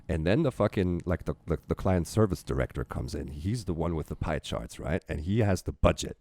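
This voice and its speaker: A middle-aged German man, a native German speaker with a German accent, chatting casually and excitably in a rambling, profane way as a guest on a reaction video. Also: sits low, moderate pace, gravelly, hardly any pauses.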